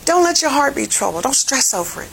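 A woman Bible teacher preaching a lesson in a fervent, plain-spoken way, her voice swelling to near-shouts. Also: high voice, big pitch swings, fast, creaky, a little hiss or hum, low-quality recording. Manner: folksy, plain-spoken phrasing. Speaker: jail ministry Bible teacher.

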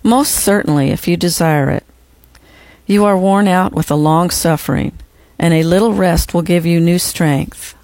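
A gentle male spirit , voiced by the audiobook reader, speaks softly, with patient reassurance. The voice sits at a middle pitch. The recording is dry, with no room sound. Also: normal speed, no echo, close to an everyday voice. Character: gentle, kind adult male spirit guide. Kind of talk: audiobook reading.

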